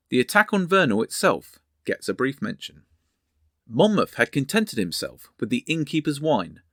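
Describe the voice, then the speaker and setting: A man narrating a history lesson, reading from sources and a novel in a measured storytelling way. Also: medium pitch, fairly bright tone, no room sound, clean studio sound.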